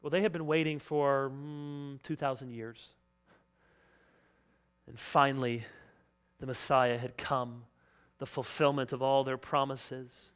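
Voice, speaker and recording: A man preaching a sermon as pastor, impassioned and dramatic, swinging between loud urgency and quiet pleading. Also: medium pitch, fairly even intonation, slow, pauses often, clear, resonant tone. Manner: impassioned, acts out quoted voices.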